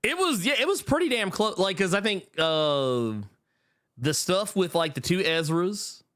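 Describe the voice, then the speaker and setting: A man's voice: sits high, sing-song, unhurried, fairly bright tone. A middle-aged man co-hosting a podcast in casual chat, laughing often and trailing off with fillers. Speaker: podcast co-host.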